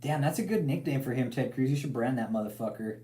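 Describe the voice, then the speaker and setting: Man, talk show host, profane slangy rant, mellow dark tone, roomy echoey recording. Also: mid-range voice, fast, slight background noise. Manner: profane, animated ranting with lots of slang. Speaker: podcast host. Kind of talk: casual call-in talk show.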